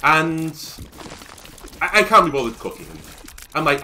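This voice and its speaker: A young man giving casual let's-play commentary, telling stories in an animated way that rises to exasperated shouts. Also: a little high, unhurried, a little hiss or hum. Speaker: gaming YouTuber.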